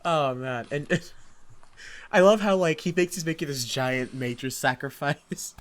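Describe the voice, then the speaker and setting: A young man co-hosting a movie podcast, talking in an excitable, rambling way with lots of restarts. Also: fairly high pitch, slow pace. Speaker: podcast co-host. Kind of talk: casual chat.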